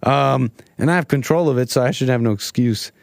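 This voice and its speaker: A man's voice: medium pitch, brisk, gravelly, no echo, clean studio sound. A man hosting a solo livestream, talking over a played clip with sarcastic, mocking commentary into a desk mic. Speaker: livestream host. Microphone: desk mic, streaming solo.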